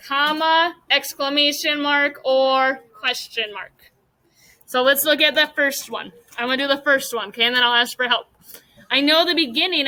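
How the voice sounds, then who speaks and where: A woman's voice: high-pitched, pushed and bright, poor audio. A woman teaching a classroom mini lesson, patiently walking students through each step with guiding questions.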